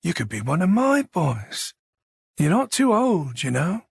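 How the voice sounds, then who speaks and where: A man voicing a slow, mocking killer. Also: fairly high pitch, wildly swooping pitch, vocal fry, slightly rough, no room sound, clean studio sound, full character voice. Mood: sneering. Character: soft-spoken menacing middle-aged male killer.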